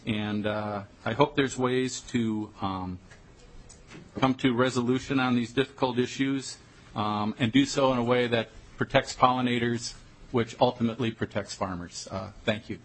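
A man giving public testimony at a committee hearing, earnest and halting. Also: medium pitch, steady tone, low-quality recording.

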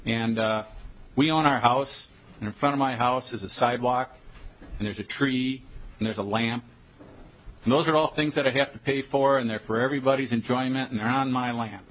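A man giving public testimony at a committee hearing, earnest and halting. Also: mid-range voice, fairly even intonation, fairly bright tone, low-quality recording.

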